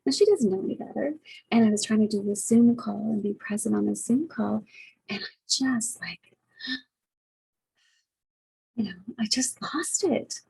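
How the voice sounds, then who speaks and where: A woman's voice: on the high side, moderate pace, gravelly, dark tone, husky, rough recording. A middle-aged woman vlogging to her webcam as a caregiver, talking earnestly and reflectively with many fillers. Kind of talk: casual heartfelt talk to camera. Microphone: webcam, facing camera.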